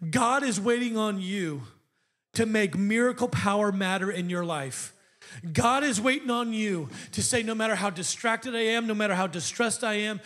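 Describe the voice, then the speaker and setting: A man preaching a sermon with call-and-response asides, building from calm teaching to shouted climaxes. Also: sits high. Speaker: pastor.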